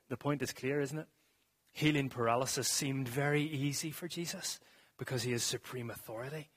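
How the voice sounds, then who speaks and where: A man's voice: medium pitch, a bit bright, breathy edge. A man delivers a sermon in a church, speaking to the congregation in an earnest way. His voice sits in the middle range for a man. He sometimes restarts a phrase before pressing on. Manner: earnest, with some stumbles and restarts. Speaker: preacher.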